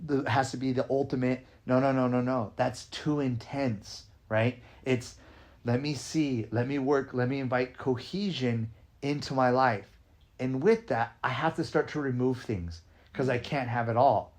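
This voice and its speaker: A man talking casually as a podcast host and dance coach, energetic and emphatic, often asking "right?" and swearing now and then. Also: mid-range voice, unhurried. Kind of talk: casual conversation.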